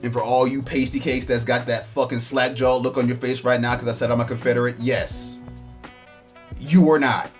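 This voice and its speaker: A man's voice: mid-range voice, level tone, moderate pace, soft background music. A man giving a blunt, profane, mocking rant of political commentary. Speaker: online commentator.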